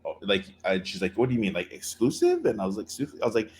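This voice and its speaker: Brief: middle-aged man, low voice, rambling casual podcast storyteller, faint hiss behind. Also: very fast. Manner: rambling, many fillers and restarts. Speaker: podcast co-host.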